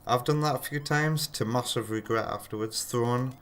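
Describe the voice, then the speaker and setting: A man's voice: mid-range voice, normal speed. A man chatting through live gameplay commentary, self-deprecating and answering his chat. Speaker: streamer. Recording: game music behind the voice. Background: game music.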